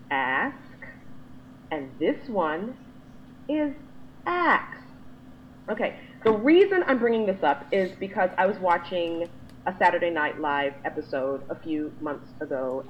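Speaking directly to camera in a monologue, a woman vlogger lectures emphatically, her pitch leaping high whenever she gets exasperated. The recording is rough, with a little hiss or hum.

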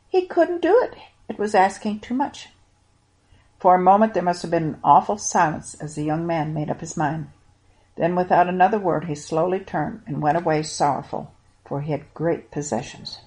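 Woman telling a children's Bible story. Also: lowish voice. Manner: expressive, moralizing, addresses the listener directly.

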